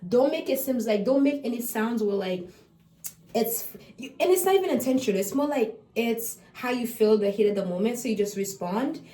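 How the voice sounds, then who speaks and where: A woman giving a casual explanatory talk on early intervention, chatty and lively, acting out how parents and children talk to each other. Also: a little high, moderate pace, echoey room. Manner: chatty, acts out parent and child exchanges, laughs often.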